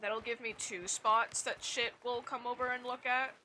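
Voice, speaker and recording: A woman's voice: fairly high pitch, level tone, normal speed, pushed and bright, a little hiss or hum. A young woman streaming a game, chatting casually, swearing freely and poking fun at herself. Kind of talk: casual gameplay chat.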